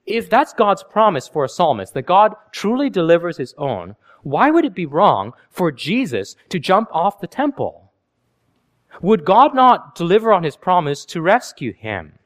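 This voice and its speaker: A man preaching a sermon, animated and storytelling, with many rhetorical questions. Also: high-pitched.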